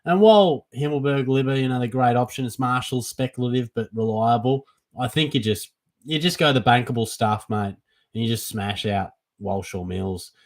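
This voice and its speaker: Young Australian man, relaxed, mate-heavy chat, casual live Q&A. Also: mid-range voice, moderate pace. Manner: laid-back and chatty, calls everyone mate. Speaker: fantasy football livestream host.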